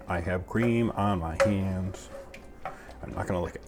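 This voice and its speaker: A man's voice: deep voice, a little slow, pauses often, loud music behind the voice. A man hosting a casual cooking video, chatting in a goofy, self-mocking way as he makes a sauce in his home kitchen. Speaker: cooking channel host.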